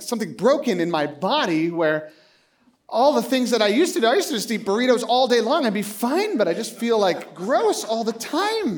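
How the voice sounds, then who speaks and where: A man in his late thirties preaching a sermon, telling stories with lots of animation, acting out both sides of a dialogue and laughing often while he talks. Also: high-pitched. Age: late 30s. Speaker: pastor.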